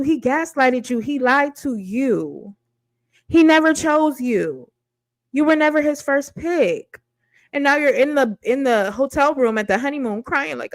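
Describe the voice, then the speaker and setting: Woman commentator, sassy and blunt, fairly high voice, dry close sound. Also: expressive, a little slow, no echo, poor audio. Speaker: reality TV commentator. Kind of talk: casual reaction commentary.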